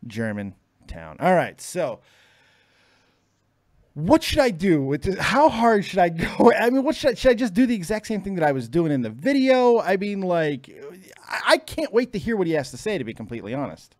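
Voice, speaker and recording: Man, live stream host, swings up and down in pitch, curses freely, dry close sound, at home. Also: wildly swooping pitch, moderate pace, no room sound. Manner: frustrated, swears a lot. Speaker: podcast host. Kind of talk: casual live stream chat.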